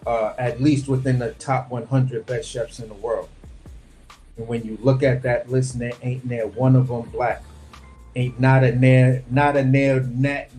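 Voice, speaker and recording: A man's voice: medium pitch, warm tone. New guy, chef, swearing a lot, slangy and blunt, just talking it through, mid voice. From Brooklyn, New York. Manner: blunt, profane, street slang. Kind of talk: casual storytelling.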